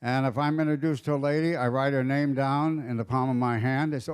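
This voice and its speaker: An older man telling stand-up jokes at a roast, with a halting, fumbling delivery full of fillers. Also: mid-range voice, steady tone, smooth. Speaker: comedian at a roast. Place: banquet dais.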